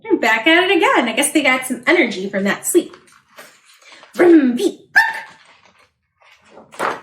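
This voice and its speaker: A woman librarian reading a picture book aloud to young children, asking them questions and making lively sound effects. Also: high voice, fast, reverberant, slight background noise.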